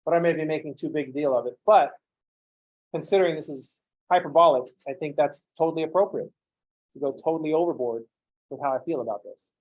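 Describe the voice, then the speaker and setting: A man teaching a calculus class who lectures in an animated, playfully ranting way. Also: on the high side, brisk. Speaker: calculus instructor.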